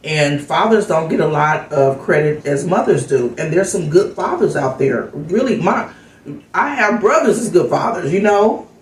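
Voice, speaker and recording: A woman's voice: lowish voice, animated, normal speed, recorded from a distance. A woman vlogger telling a heartfelt story in a casual, rambling way with lots of fillers, recorded off-mic in an echoey room. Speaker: vlogger host.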